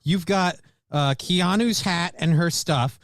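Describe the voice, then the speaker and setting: Brief: male morning radio co-host, teasing banter, slightly high voice, dry sound. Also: slow pace, a bit bright, dry recording. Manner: teasing, chimes in to finish the stories. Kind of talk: casual banter.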